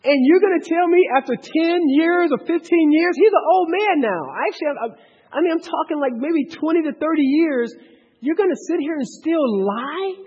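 A man leading a Bible study, talking in an animated way, with many restarts and rhetorical questions. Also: very high-pitched. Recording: dull, echoey hall recording.

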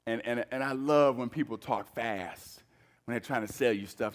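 A man preaching a sermon, moving between emphatic loud passages and hushed, low-voiced lines. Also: fairly quick. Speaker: pastor. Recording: long reverb of a large hall.

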